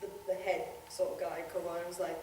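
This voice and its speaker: A woman with a Geordie accent, telling lively stories as a convention panelist. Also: on the low side, fast talker. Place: convention hall. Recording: echoey hall from far off, some noise.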